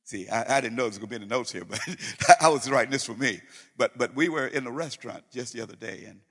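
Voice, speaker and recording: A man's voice: mid-range voice, fast, fairly bright tone, husky. A middle-aged man, a pastor, preaching a sermon in a storytelling way, acting out conversations and often restarting his sentences. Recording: reverberant hall.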